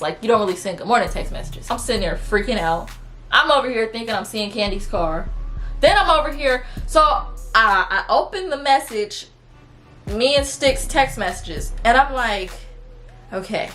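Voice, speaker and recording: A woman in her twenties telling a dramatic storytime to her channel, acting out what people said in a casual, lively way. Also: a little high. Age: 20s. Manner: animated, dramatic retelling with quoted voices. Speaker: vlogger.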